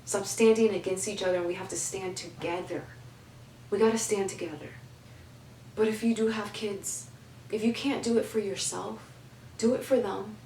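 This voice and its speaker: A woman's voice: mid-range voice, fairly even intonation, normal speed, warm tone, echoey room, distant mic, a little hiss or hum, low-quality recording. Emphatic woman giving life advice. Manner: emphatic, repeats phrases for stress. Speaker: advice vlogger. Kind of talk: heartfelt advice monologue.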